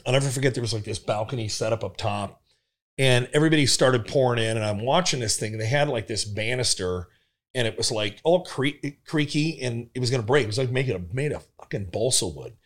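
A man, a comedian and former cop, telling stories in a casual chat, animated and laughing through them. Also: mid-range voice, fairly quick. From Omaha area of Nebraska. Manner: animated, laughing through his own stories, jumping into big voices for quotes.

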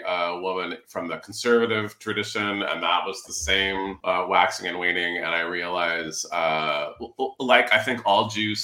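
A man's voice: low voice, sharp tone, roomy sound, rough recording. A middle-aged American man, a guest author, chatting casually on a podcast with wry, self-deprecating jokes.

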